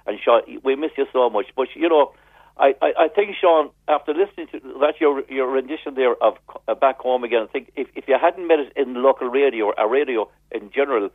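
A man's voice: mid-range voice, brisk, slightly rough, dry recording. A man, calling in to chat, rambling and repeating his words. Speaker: caller. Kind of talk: casual chat. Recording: tinny phone line.

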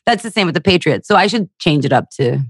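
A woman's voice: on the low side, expressive, fast, husky, dry recording, studio quality. A young woman from the Philadelphia area, a stand-up comedian talking casually on a podcast, telling stories with crude jokes and acted-out voices.

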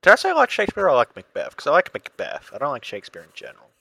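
A man's voice: fairly high pitch, huge pitch swings, very fast, vocal fry, bright, forceful tone, breathy edge, no echo. A man with an Australian accent co-hosting a podcast in casual chat, laughing often and swearing casually. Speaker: podcast co-host.

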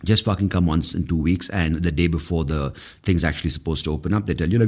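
A man's voice: sits low, fast talker, a little mellow. A man, hosting a solo podcast and ranting in a profane, exasperated way. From India. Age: 30s. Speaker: podcast host.

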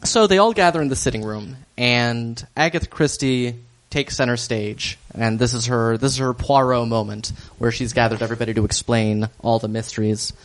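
A man's voice: mid-range voice, rough recording. A man hosting a casual podcast chat, recapping a story with filler ums and easy chuckles. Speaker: podcast host recapping an episode.

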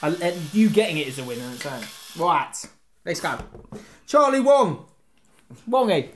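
A man's voice: on the high side, animated, moderate pace, slight background noise. A man co-hosting a podcast, bantering and reading out listener messages with frequent laughter. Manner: jokey, laughs often, reads messages aloud. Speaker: podcast co-host.

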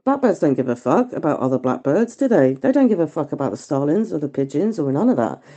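A woman's voice: low-pitched, sing-song, fast talker, mellow, breathy edge, highs cut off. A woman leaving a rambling, sweary, emotional voice message from her garden, outdoors. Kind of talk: heartfelt voice-note monologue.

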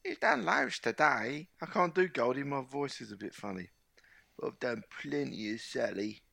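Man, co-host, slow, gravelly, resonant, dry close sound. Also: mid-range voice, lively intonation, bright, forceful tone, dry recording. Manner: dry, playful, sings chant lines. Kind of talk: casual chat, chanting football songs.

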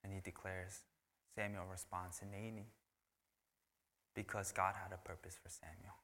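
A pastor delivering a sermon in a low, bright, forceful voice. He swings from loud emphasis down to near-whispers, and his words ring out with a long hall reverb. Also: level tone, moderate pace. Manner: shifts between loud emphatic preaching and hushed whispers.

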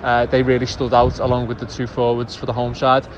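A man of ordinary pitch gives a measured, analytical take as a podcast guest. His audio is dull and lo-fi, with faint noise behind him. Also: monotone. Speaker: guest from opposing fan podcast. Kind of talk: casual analytic chat.

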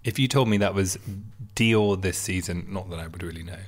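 A man's voice: low-pitched, fairly quick. A man co-hosting a casual podcast chat, recommending places with wry joking asides. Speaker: podcast co-host.

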